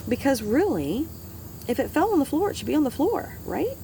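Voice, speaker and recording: A woman's voice: high-pitched, very animated, moderate pace, vocal fry, warm tone, a little hiss or hum. A middle-aged woman vlogging, telling a rambling personal story in a chatty, self-interrupting way and swearing freely. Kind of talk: rambling casual storytelling to camera.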